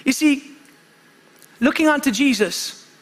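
Guy preaching, really high voice, fired up, keeps asking amen?. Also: expressive, takes it slowly, fairly bright tone. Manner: fervent, calls for amens, repeats phrases, stumbles and restarts. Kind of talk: impassioned sermon.

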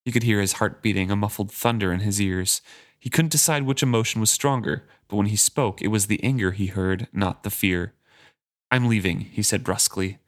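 A man co-hosting a casual book podcast, reading passages aloud and paraphrasing them in a relaxed way. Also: lowish voice, brisk. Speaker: podcast co-host.

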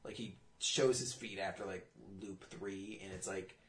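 A man's voice: low-pitched, fairly even intonation, a little slow, roomy sound, slight background noise. A man co-hosting a comedy podcast in casual chat, laughing often and making silly noises. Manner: giggly, often laughing, breaks into brr sounds. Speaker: podcast co-host.

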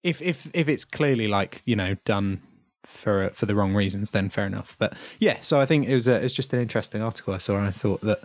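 Rambling man, low and dry. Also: a little fast, few pauses, dry recording. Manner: rambling, self-interrupting, chuckling. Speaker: podcast host. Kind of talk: casual chat.

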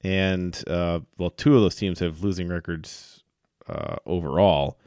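Man, low voice, dry close sound, casual sports podcast talk, animated, lots of fillers. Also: a little slow, gravelly, no echo. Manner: animated storytelling, many fillers. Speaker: podcast co-host.

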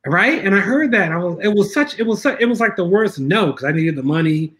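A man with a notably high voice, chatting as an interview guest. He tells his stories casually and animatedly, laughs often, restarts his sentences, and slips into other people's voices when he quotes them. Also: expressive, fairly quick, a bit bright. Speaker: guest filmmaker.

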